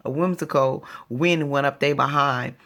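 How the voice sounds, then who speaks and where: A woman's voice: very deep voice, steady tone, moderate pace, fairly bright tone. A woman vlogger telling a story in a casual, exasperated rant, acting out what people said to her. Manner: exasperated, retells conversations in quoted voices.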